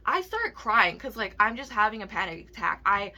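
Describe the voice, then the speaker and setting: A woman's voice: medium pitch, very animated, normal speed, bright, forceful tone. A young woman telling a personal story in a rambling, profane vlog rant full of "like". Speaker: vlogger.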